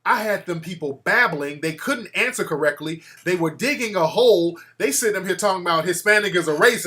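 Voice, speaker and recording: A man hosts a call-in show, telling boastful stories in an animated voice. His voice sits high and swings widely in pitch. It has a bright, forceful edge. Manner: boastful, animated storytelling with acted quotes. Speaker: show host taking calls.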